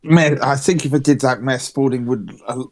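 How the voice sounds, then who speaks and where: A man's voice: mid-range voice, normal speed, a little mellow. A man playing in a tabletop role-playing game, weighing his words with ums. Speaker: player.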